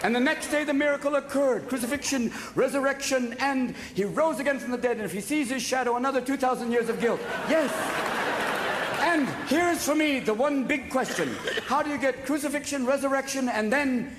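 A man performing a stand-up comedy routine on stage, with an animated delivery that jumps between his own voice and quick character bits. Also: extremely high pitch. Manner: quick-switching, animated delivery with sudden voice drops for quoted characters. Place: large venue before a live audience. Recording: echoey hall, loud crowd laughter. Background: audience laughter and crowd noise.

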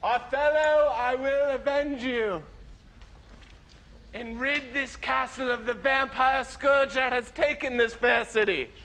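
A man's voice: very high-pitched, steady tone, slow, bright, forceful tone, exaggerated voice. A man voicing a hammy stage actor declaiming a hero's vow on stage. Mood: declamatory. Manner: theatrical, declamatory. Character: hammy male stage actor playing a hero.

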